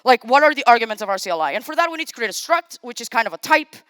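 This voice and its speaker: A woman at a conference podium walks the room through code as she types, chatting and making self-deprecating jokes. Her voice is fairly high and swoops up and down with lots of life. The sound is clean and dry, with no room echo. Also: sing-song, rapid-fire, a bit bright, smooth. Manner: thinks aloud while typing, talks to the audience. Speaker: conference speaker. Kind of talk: live-coding tech talk. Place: conference stage.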